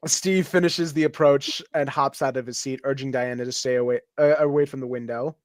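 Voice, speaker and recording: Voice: mid-range voice, fairly even intonation, brisk, dry recording. A host reading a script aloud with commentary, laughing often and stumbling over words. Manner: giggly, with frequent laughs and stumbles.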